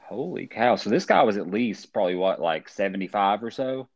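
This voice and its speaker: Deep-voiced man on a dull lo-fi mic. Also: animated, brisk, creaky. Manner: thinking aloud, hesitant. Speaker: podcast co-host. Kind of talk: casual true-crime chat.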